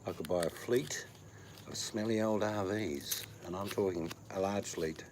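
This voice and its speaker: Joking male livestream host, very low voice, hissy noisy room. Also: a little slow. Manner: joking, bawdy banter. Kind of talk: casual chat.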